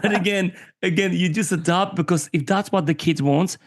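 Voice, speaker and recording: A man's voice: high-pitched, normal speed, a loud crowd. A man in his forties from Armenia, talking as an interview guest in a somewhat raised voice. He tells stories with animation and slips into little impressions of the people he quotes. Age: 40s. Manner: animated storyteller who acts out quoted voices. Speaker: podcast guest. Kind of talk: candid conversational interview.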